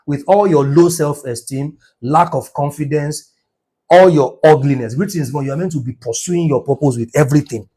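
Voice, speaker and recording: A man teaching numerology in an emphatic, preacher-like motivational lecture, his voice rising to near shouts. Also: on the high side, normal speed, slightly rough.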